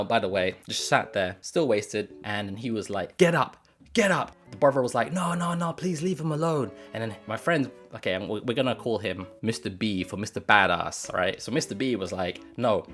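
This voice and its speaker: A man's voice: lowish voice, fairly bright tone. A man hosting an advice show, telling a story in loose, slangy talk with some swearing. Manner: loose, slangy retelling with swearing and acted-out quotes. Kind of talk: casual storytelling.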